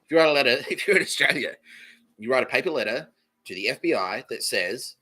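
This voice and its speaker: A man's voice: medium pitch, lively intonation, quick pace, pushed and bright, poor audio. A man hosting a comedy podcast, delivering a profane, repetitive monologue and laughing at his own lines. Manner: swears constantly, repeats phrases, laughs at own lines. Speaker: podcast host.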